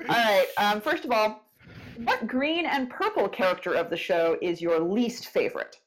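A woman's voice: medium pitch, expressive, moderate pace, poor audio. A young woman hosting a casual podcast interview, giggly and teasing, calling out to her co-hosts. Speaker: podcast host.

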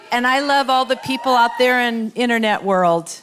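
Middle-aged woman, slow unhurried pace, emotional, heartfelt church talk, halting. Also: a little high, fairly bright tone. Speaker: church speaker. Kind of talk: informal sermon.

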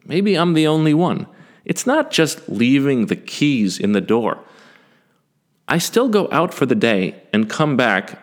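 A man in his forties telling a first-person story in a self-deprecating, animated way, with some swearing. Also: medium pitch, measured pace. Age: 40s.

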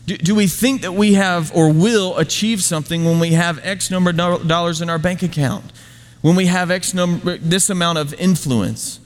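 A man's voice: high voice, moderate pace. Male pastor, sermon, rhetorical questions, emphatic, reverberant sanctuary.

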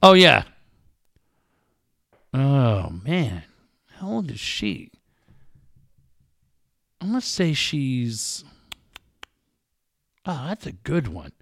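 A man's voice: medium pitch, sing-song, drawn-out words, vocal fry, pauses often, fairly bright tone, no room sound, clean studio sound. A man co-hosting a casual podcast, guessing aloud and swearing often in loose banter. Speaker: co-host.

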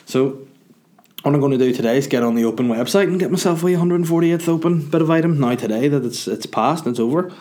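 A man's voice: fairly high pitch, a little fast, warm tone. A young man telling a casual, jokey, rambling story to camera. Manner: rambling, jokey, self-mocking. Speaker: vlogger.

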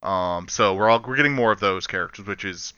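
A man chatting casually on a podcast, rambling and animated, laughing often. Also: deep voice, fairly quick, smooth, dry recording, highs cut off. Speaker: podcast co-host. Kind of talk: casual chat.

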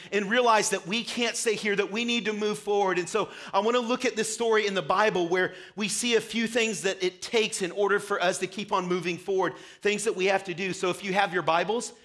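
A young man preaching a sermon to a church congregation, telling stories with animation. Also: sits high. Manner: animated storytelling, acts out his childhood self. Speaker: pastor. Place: church sanctuary.

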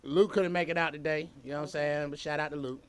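A man's voice: a little high, steady tone, quick pace, a crowd in the background. A man hosting a podcast, telling stories and joking with profanity in casual banter. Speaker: podcast host.

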